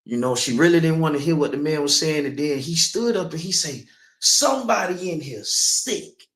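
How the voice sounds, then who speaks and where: Man, personal testimony, conversational, checks in with listeners, fairly high voice, echoey room. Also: brisk. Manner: conversational, keeps asking "you know what I'm saying". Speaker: speaker.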